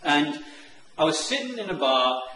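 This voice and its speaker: A man telling a long comic anecdote, animated and acting out the characters' lines. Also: normal speed. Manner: animated, acts out the characters' lines in higher voices. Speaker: online marketing presenter. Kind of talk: storytelling anecdote. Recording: echoey room with faint noise.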